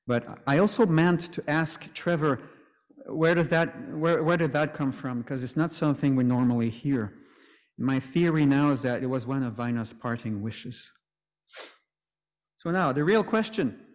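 A man's voice: medium pitch, expressive, moderate pace, a little mellow, big-room sound. A man preaching a sermon in a conversational way, with joking asides.

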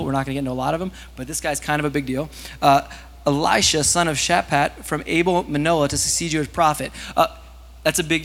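A man preaches a sermon, talking to his congregation in a casual, animated way. His voice sits a bit high and climbs loud at the peaks. A long reverb from a large hall trails each phrase. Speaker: pastor.

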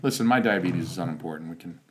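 A man's voice: deep voice, quick pace, over a noisy crowd. A man hosting a comedy podcast at home, talking in a wry, grumbling way and swearing casually. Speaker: podcast host. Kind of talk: casual chat.

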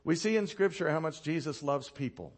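Briskly and with lively intonation, a male pastor preaches, bringing his stories to life and laughing at his own anecdotes. He asks the congregation for responses and sinks low and quiet whenever he lands a point.

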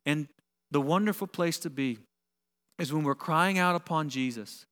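A man preaching a sermon, animated and building to emphatic peaks. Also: on the high side, moderate pace. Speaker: pastor. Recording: long reverb of a large hall.

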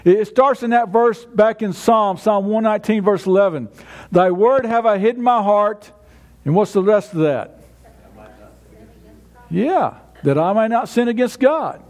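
A man's voice: high voice, a little slow, a little mellow. A man preaching a sermon in a conversational way, often restarting his words. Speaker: pastor.

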